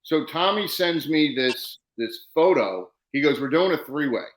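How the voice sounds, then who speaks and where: A man, a professional wrestler, casually telling animated stories and acting out quoted dialogue. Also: a little high, measured pace, reverberant, rough recording. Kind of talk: casual storytelling.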